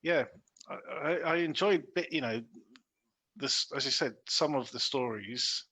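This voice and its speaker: A man hosting a casual podcast chat about films, animated and full of fillers, acting out lines he quotes. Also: mid-range voice, unhurried, husky. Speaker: podcast host. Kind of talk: casual film review chat.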